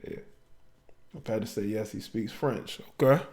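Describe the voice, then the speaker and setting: A man's voice: lowish voice, normal speed, a little mellow. Slangy laid-back male livestream host. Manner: loose, slangy, chuckling. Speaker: livestream talk show host. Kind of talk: casual livestream chat, reading out viewer comments.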